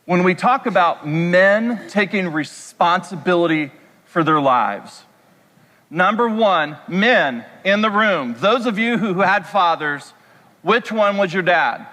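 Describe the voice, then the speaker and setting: A pastor delivering a sermon in a conversational way, throwing rhetorical questions at the congregation. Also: male voice, high-pitched, expressive, takes it slowly, sharp tone. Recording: echoey hall reverb.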